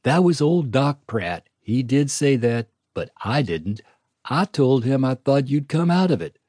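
A man's voice: mid-range voice, sing-song, measured pace, a little mellow, breathy edge, no room sound, clean studio sound. A man voicing a kind, blunt older woman nurse on the frontier, folksy and plain-spoken, in a storybook reading.

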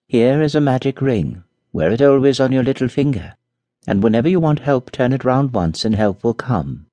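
A man voicing a kindly old countess and former governess, who speaks in a calm, measured way in a storybook reading. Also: mid-range voice, no echo, close to an everyday voice.

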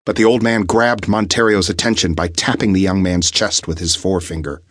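A man narrating an audiobook in a measured, suspenseful way on a close studio mic. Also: deep voice, fairly even intonation, slightly rough, no room sound. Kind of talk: scripted narration.

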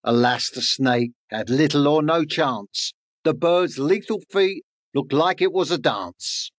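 A man's voice: on the high side, slow, no echo. A man narrating rhyming children's fables in a sing-song storytelling manner. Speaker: audiobook narrator and author.

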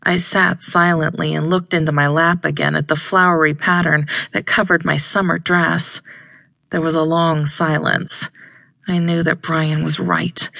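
A woman narrating a first-person audiobook in a measured, even storytelling way. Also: low voice, gravelly, no room sound.

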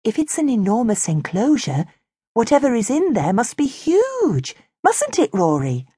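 A woman's voice: fairly high pitch, huge pitch swings, a little slow, mellow, slightly rough, dry recording, clean studio sound, pitched above the performer's own voice, exaggerated voice. A woman voicing a cheeky, teasing small female fairy penguin in a children's storybook. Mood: hushed. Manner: teasing, whispering at times.

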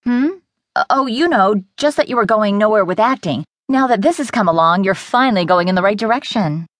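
A woman's voice: mid-range voice, lively intonation, a little fast, no room sound, studio quality, natural voice. A woman narrator voicing a young woman, a blunt, patronizing best friend, in an audiobook. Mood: condescending. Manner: dismissive, patronizing. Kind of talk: audiobook character voice.

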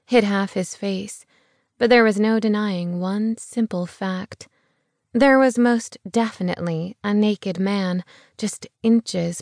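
A woman narrating a first-person romance novel in an audiobook, expressive and wry, with hushed asides, on a close studio mic. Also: mid-range voice, no room sound.

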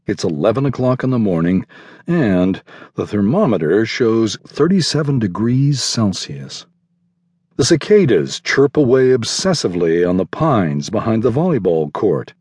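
Man, audiobook narration, husky, lively pitch, slow and deliberate. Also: dry recording, clean studio sound. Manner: measured literary reading, voicing characters lightly. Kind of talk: scripted narration.

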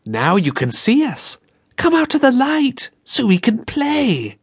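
A man voicing an eerie pale teenage girl who coaxes slowly and sweetly from the shadows, in an audiobook. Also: very high-pitched, wildly swooping pitch, vocal fry, husky, no room sound, clean studio sound, pitched above the performer's own voice, full character voice. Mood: coaxing.

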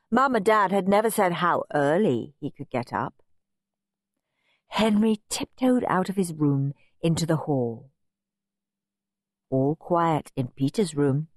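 A woman narrating a children's storybook, expressive and playful. She reads at an unhurried pace with a lively, swooping voice, recorded close and dry. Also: lowish voice, no echo. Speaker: audiobook narrator. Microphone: close studio mic.

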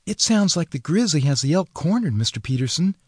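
A man's voice: fairly high pitch, sing-song, a little fast, darkish tone, husky, no echo, studio quality, pitched above the performer's own voice. A man voicing an eager young farmhand in an audiobook, reassuring in manner. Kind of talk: audiobook character voice.

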